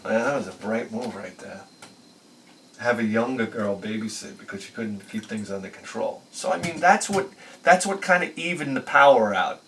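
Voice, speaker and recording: A man hosting a retro game video, telling rambling stories in an animated, profane way and laughing at his own jokes. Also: fairly low pitch, moderate pace, far from the mic, a little hiss or hum. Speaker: retro game channel host. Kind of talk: rambling storytelling review.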